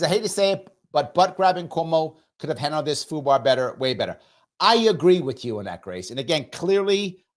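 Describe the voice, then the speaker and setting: A male host reacting live to political clips. He is sarcastic and mocking, and his pitch swings widely as he talks, from low mutters to high jabs.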